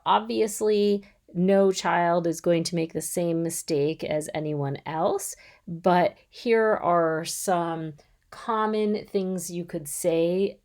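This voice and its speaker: A woman's voice: lowish voice, darkish tone. A woman in middle age giving a patient, step-by-step voice-over lesson for reading tutors. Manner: slow, patient, explaining step by step. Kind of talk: instructional voice-over.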